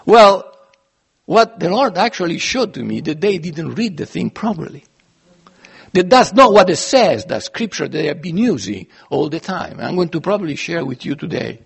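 Husky high-voiced male preacher. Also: very animated, moderate pace. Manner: earnest, emphatic, with sudden rises and drops in loudness. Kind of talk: sermon.

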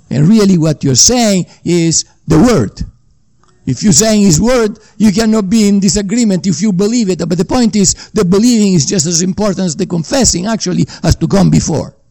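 A man's voice: sits high, vocal fry, mellow. A man preaching a Bible teaching sermon, rambling and repeating himself, often checking in with his listeners. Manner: rambling and repetitive, often checking in with "okay?" and "you know".

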